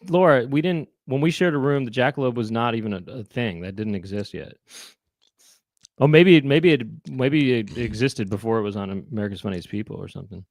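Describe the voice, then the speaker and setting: A man's voice: mid-range voice, a little fast, no room sound. A man hosting a chat show, meandering through stories with many "you know"s and "um"s. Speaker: host. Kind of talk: casual chat.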